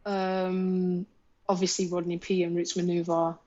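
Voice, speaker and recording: A British woman who is a music artist, recounting her story in relaxed casual chat and often laughing. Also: lowish voice, a little slow. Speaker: guest, music artist and manager. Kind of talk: casual conversational interview. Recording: slightly dull lo-fi sound.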